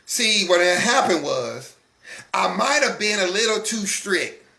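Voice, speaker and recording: Man putting on older grandmother, defensive, pleading, high bright voice. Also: big pitch swings, a little slow, creaky, heavily acted. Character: older grandmother defending her strict parenting. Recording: echoey room.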